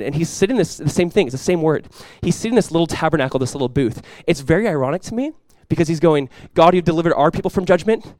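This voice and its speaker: A man's voice: fairly high pitch, dry recording. Dry, emphatic male pastor preaching. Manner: conversational and emphatic, rising to loud passionate peaks. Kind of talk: sermon.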